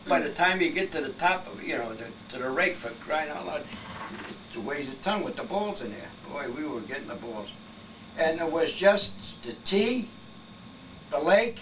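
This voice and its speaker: A man's voice: on the high side, fairly bright tone. Rambling old man in his eighties. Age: 80s. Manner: rambling, salty, chuckles through his tales. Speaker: grandfather telling old stories. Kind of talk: casual storytelling. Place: family birthday gathering at home. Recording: distant home-video recording with background noise.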